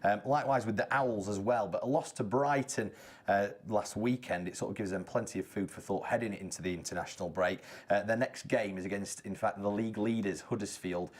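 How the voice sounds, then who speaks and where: A man's voice: fairly low pitch, a little fast. Chatty man reading sports results. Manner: chatty, joking asides while reading results. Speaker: sports news presenter. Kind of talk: TV studio sports round-up.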